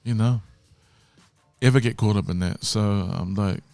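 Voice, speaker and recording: Earnest low-voiced man, podcast guest. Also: measured pace, gravelly, darkish tone, clean tone, dry recording, soft background music. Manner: earnest, reflective, keeps saying "you know what I mean". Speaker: podcast guest, worship singer. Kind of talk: casual chat. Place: podcast studio.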